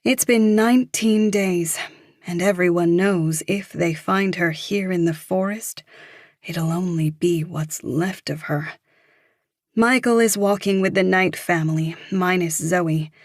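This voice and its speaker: A woman narrating a thriller audiobook in a measured, even storytelling manner. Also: lowish voice, no room sound, studio quality.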